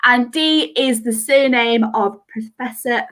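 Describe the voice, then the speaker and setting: A woman's voice: a little high, measured pace, fairly bright tone. A woman hosting a live online quiz from home, chatty and giggly, reading out answers in a sing-song lilt over a video call mic. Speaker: quiz host.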